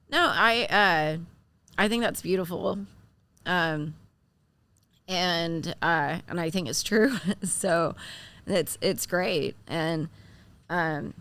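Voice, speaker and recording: A woman with a somewhat low voice co-hosts a casual podcast chat. She speaks hesitantly, with lots of fillers and small laughs. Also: a bit bright, clean tone. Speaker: podcast co-host.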